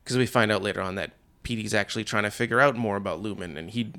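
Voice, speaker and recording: A man's voice: on the low side, fast talker, bright, forceful tone. A man in his thirties co-hosting a podcast, chatting casually about a TV show and laughing now and then. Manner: chatty, laughs often, acts out quotes. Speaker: podcast co-host.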